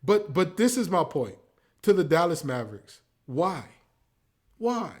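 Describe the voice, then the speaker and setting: A man's voice: on the high side, measured pace. A man hosting a casual sports talk show, ranting with mock quotes. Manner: animated, preachy rants with mock quotes. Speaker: podcast host.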